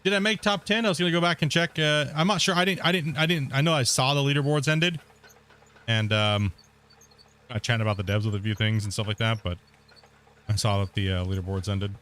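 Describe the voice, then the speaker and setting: A male gaming streamer in relaxed, chatty form, talking straight to the people in his live chat with a mid-range voice. He is loose and conversational and breaks into laughter often. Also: medium pitch, a little fast. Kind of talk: casual livestream chat.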